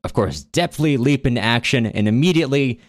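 A man's voice: medium pitch, animated, brisk, dry recording. A man co-hosting a casual book podcast, retelling the plot in chatty storytelling with wry asides. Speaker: podcast co-host.

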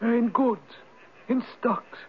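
An actor playing an ancient male spirit, a Viking ghost turned Irish sage, speaking in a measured, preachy way in a 1970s radio drama. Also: extremely high pitch, steady tone, slight background noise. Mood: instructing. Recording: tinny lo-fi old radio broadcast.

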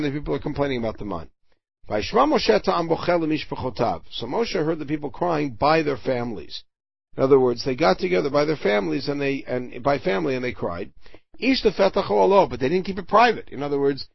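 A man teaches Torah verse by verse, his voice gravelly and a little husky, with a lively rise and fall. He reads a Hebrew line, then explains it in English, often stopping to hunt for the right word. The recording is dry and somewhat dull. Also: on the high side, no room sound.

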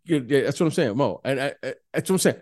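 A man's voice: mid-range voice, expressive, fast talker, a little mellow, no echo, clean studio sound. A middle-aged man and former pro basketball player co-hosting a casual sports chat, who keeps addressing his co-host by name and stammers through restarts, chuckling.

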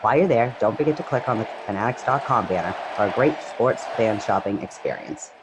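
Low-voiced man reading a noisy podcast promo. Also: brisk. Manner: steady, listing read. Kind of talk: read promotional announcement.

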